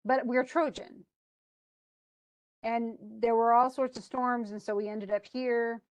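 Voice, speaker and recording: A troubled, weary man of legend explains his plight and then complains, exasperated, with a woman teacher putting him on in her own slightly high voice. The telling stays casual, like a classroom retelling. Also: steady tone, slow pace, poor audio. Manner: worried, exasperated. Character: weary, troubled hero, male, adult.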